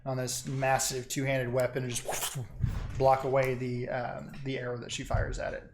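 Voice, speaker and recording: A young man narrating a tabletop game as game master, relaxed and chuckling, with lots of ums. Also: mid-range voice, normal speed, noisy background.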